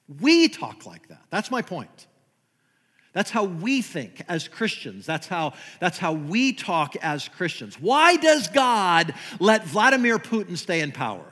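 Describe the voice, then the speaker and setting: A man's voice: on the high side, big pitch swings, slow, a bit bright, in a large hall. A man preaching a sermon in a church, conversational, with many rhetorical questions and repeated words. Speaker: guest preacher. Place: church sanctuary.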